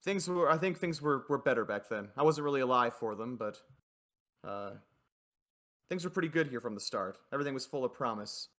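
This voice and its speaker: A man's voice: medium pitch, animated, fairly quick, fairly bright tone, close to an everyday voice. A man voicing a friendly, wistful local mother in a tabletop role-play game, talking in a rambling, hesitant way. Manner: rambling, hesitant, with many fillers.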